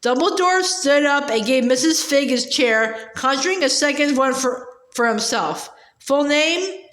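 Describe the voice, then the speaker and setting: High-voiced woman reading a story. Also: normal speed, a bit bright. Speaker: audiobook reader. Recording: roomy echo.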